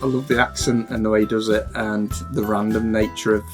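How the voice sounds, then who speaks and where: A man's voice: lowish voice, little pitch movement, fairly quick. A man hosting a reaction video, gushing with enthusiastic praise and stumbling a little over his words. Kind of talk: casual reaction commentary. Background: guitar music.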